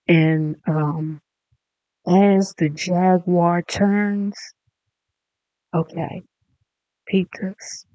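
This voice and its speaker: An online commentator delivering a mocking, profane rant that spins into a drawn-out, taunting made-up story. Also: mid-range voice, darkish tone, clean tone, no room sound.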